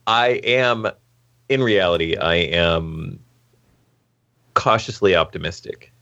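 A man's voice: sits low, slow pace, bright, forceful tone, no room sound, dull audio. A man co-hosting a casual tech chat, talking with wry, sarcastic asides.

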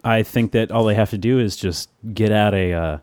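Tech podcast host, male, lowish voice, dry close sound, chatty, easygoing, laughs a lot. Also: moderate pace, darkish tone, dry recording. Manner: chatty, laughs often, many fillers. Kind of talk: casual tech podcast chat.

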